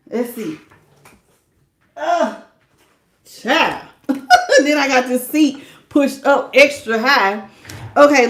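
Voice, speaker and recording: A woman hosting a live tarot reading who greets her chat, laughs a lot and talks in a slangy, playful way. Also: on the high side. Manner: acts out imagined people's lines. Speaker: tarot reader.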